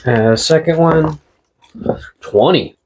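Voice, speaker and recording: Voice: medium pitch, slow, noisy background. A player calling out dice rolls and damage at a tabletop game, teasing the others. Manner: teasing, repeats jokes.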